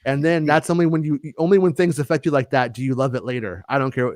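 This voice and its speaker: A man of middle pitch telling a loose, rambling story on a podcast, circling back with restarts and fillers. His voice sounds dry and close, with almost no room around it. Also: fast, darkish tone, dry recording. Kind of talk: casual chat.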